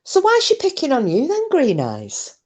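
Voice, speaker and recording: A woman's voice: sits high, huge pitch swings, moderate pace, darkish tone. A woman hosts a casual livestream, reading comments aloud in a chatty, sweary way. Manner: chatty, sweary, laughs easily. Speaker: livestream host.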